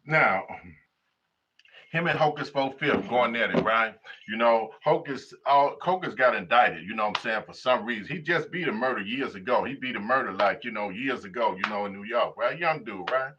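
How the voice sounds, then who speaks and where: Bright-voiced man mocking in casual commentary. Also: medium pitch, animated, moderate pace, highs cut off, a little hiss or hum. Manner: profane, mocking, emphatic. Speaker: host and commentator.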